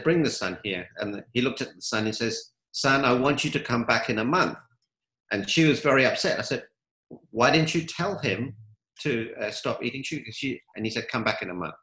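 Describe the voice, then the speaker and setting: A man's voice: mid-range voice, bright, forceful tone, reverberant, poor audio. A man giving upbeat motivational answers in an interview, telling stories. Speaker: guest, coach.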